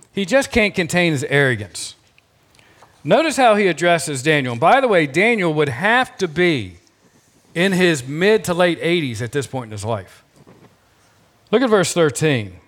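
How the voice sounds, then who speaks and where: A male pastor delivers a sermon with a fairly high-pitched voice. He talks with emphasis and repeats key phrases for effect. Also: fairly bright tone.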